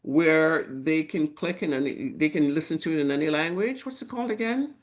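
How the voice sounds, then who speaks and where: A man's voice: a little high, moderate pace. A man on a video coaching call who hesitantly asks questions and reads text off his screen. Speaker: course student.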